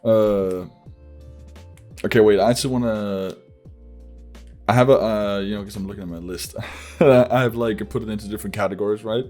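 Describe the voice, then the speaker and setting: A man's voice: lowish voice, normal speed, long pauses, darkish tone, soft background music. Rambling, profane male podcast host. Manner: rambling, profane, frequent laughing and "like". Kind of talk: casual podcast chat.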